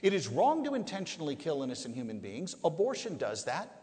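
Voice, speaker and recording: A man preaching from the front of a large hall, his voice sitting fairly high and swinging widely in pitch. He presses each point hard, poses rhetorical questions and draws out key words. The long reverb of the room trails every phrase. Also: wildly swooping pitch, a little fast, a little mellow. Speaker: pro-life speaker. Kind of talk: preaching to a live audience.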